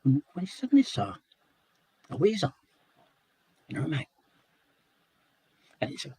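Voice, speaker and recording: A man telling a traditional folk tale, unhurried and repeating phrases for rhythm. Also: fairly high pitch, huge pitch swings, dark tone, breathy edge, dry recording, poor audio. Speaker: storyteller. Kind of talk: oral folk storytelling.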